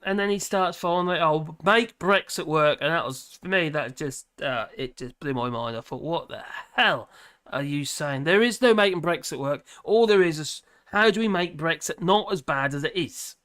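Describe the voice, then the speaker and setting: A man's voice: fairly high pitch, expressive, normal speed, hardly any pauses, fairly bright tone, smooth. A man hosting a live stream in casual chat, rambling, laughing often and trailing off mid-sentence.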